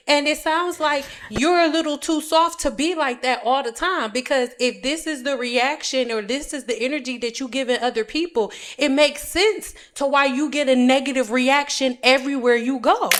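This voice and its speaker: A young woman hair stylist talking straight to camera in a blunt, confrontational, sassy way. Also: fairly high pitch. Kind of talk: casual direct-to-camera rant.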